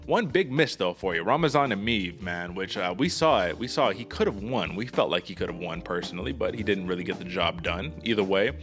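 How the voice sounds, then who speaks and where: Energetic low-voiced man hosting a podcast. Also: a little fast, few pauses, faint music behind. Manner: energetic, emphatic, calls co-host brother. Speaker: podcast host. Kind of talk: casual sports podcast chat.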